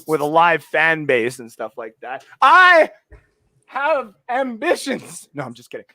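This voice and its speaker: A man's voice: medium pitch, fairly quick, sharp tone, dry recording. A man from Canada hosting a live sports talk stream, joking and rambling with restarts. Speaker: podcast host. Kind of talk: casual live-stream chat.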